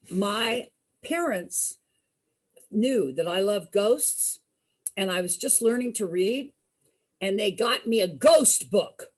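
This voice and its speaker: Casting note: female storyteller, husky, swooping pitch, slow and dramatic, quizzes the audience. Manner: dramatic, asks the audience questions. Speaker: children's entertainer and storyteller.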